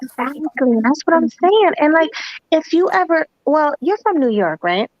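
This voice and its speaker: A woman hosting a casual live-stream chat, talking in an animated way and asking her viewers rhetorical questions. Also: high-pitched, normal speed, lo-fi sound. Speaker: host.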